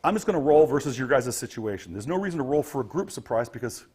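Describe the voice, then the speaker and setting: A man's voice: mid-range voice, animated, quick pace, darkish tone, slightly rough. A man narrating a tabletop game as game master, setting scenes vividly with frequent ums and restarts.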